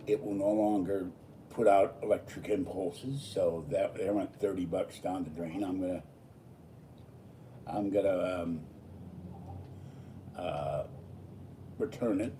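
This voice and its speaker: Tired man, low mellow voice, rambling vlog chat, distant mic with faint background. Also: fairly even intonation, takes it slowly, pauses often, a little hiss or hum. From Pittsburgh, USA. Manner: digressive, jumping from topic to topic. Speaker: vlogger. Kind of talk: casual rambling monologue.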